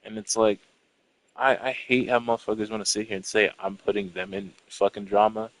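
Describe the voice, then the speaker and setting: A man's voice: fairly low pitch, steady tone, a little fast, low-quality recording. A young man in a casual, rambling rant, profane and irritated as he tells what happened between him and his friends. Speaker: storyteller venting to a friend.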